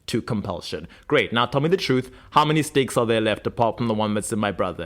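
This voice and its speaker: A man's voice: medium pitch, fairly quick, few pauses. A man co-hosting a podcast, recapping a TV episode in casual chat, acting out the characters' lines and laughing often. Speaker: podcast co-host recapping a TV show.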